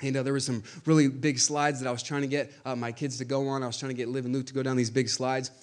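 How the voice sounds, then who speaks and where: A man's voice: medium pitch, level tone, fast. A man in his thirties, a pastor, preaching a conversational sermon with frequent fillers and restarts and reading scripture aloud.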